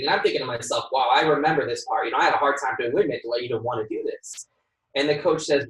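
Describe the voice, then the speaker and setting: A man who works as a home inspector, a guest on a podcast, telling lively stories, acting out the dialogue and laughing often. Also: mid-range voice, quick pace. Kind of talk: podcast interview storytelling. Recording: roomy sound from a distant mic.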